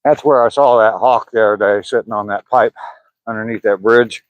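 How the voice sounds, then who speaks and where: A man's voice: on the low side, steady tone, brisk, no echo, lo-fi sound. An older man with a Southern accent, chatting casually with his livestream viewers as he walks outdoors past pine woods, rambling and chuckling as he reads the chat. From Southern US, Georgia. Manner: easygoing, rambling, chuckling, reading chat aloud. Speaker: vlogger livestreaming a walk. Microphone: phone camera held while walking.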